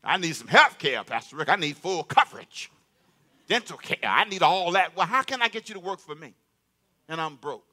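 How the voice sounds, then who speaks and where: A man's voice: a little high, sing-song, moderate pace. A man preaching a sermon as pastor in a church, calling out to the congregation for responses. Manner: call-and-response preaching, loud and emphatic. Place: church sanctuary.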